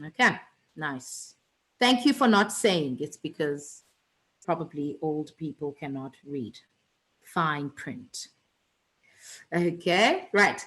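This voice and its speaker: A woman's voice: sits low, lively intonation, slow pace, a bit bright, rough recording. A woman teaching an online revision lesson, chatty and teasing, with many fillers and restarts.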